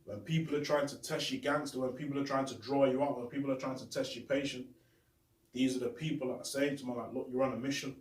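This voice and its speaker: A man's voice: medium pitch, steady tone, quick pace, recorded from a distance, a little hiss or hum. Young man, host, slang-heavy and repetitive, phone recording in a roomy bedroom set back from the mic. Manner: street slang, repetitive, heartfelt. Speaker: show host. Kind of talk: casual shout-out monologue. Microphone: phone camera.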